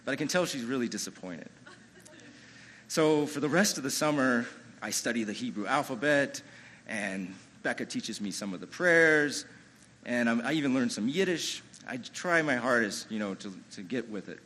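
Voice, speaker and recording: Lively bright-voiced man telling a story. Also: medium pitch, normal speed, poor audio. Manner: conversational, full of "you know" and "like"; amused, chuckles through the telling. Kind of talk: live first-person storytelling. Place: hotel ballroom stage.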